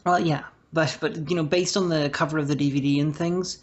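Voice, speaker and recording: A woman co-hosting a podcast, talking in an animated, chatty way. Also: sits low, fairly quick. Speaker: podcast co-host. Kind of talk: casual podcast chat. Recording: lo-fi audio.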